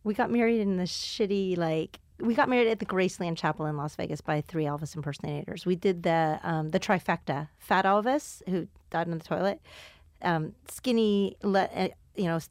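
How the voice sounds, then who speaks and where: A woman comedian hosting a podcast, telling stories in a lively casual way with lots of fillers and laughter. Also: fairly low pitch, normal speed, no echo, studio quality. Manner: animated storyteller, laughs often, frequent fillers. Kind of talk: casual chat.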